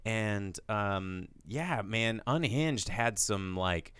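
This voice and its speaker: Man, casual movie podcast chat, animated, swearing, bright edgy tone, dry close sound. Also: drawn-out words, clean tone, no room sound. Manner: animated, swearing, acts out characters with big pitch jumps. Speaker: podcast co-host.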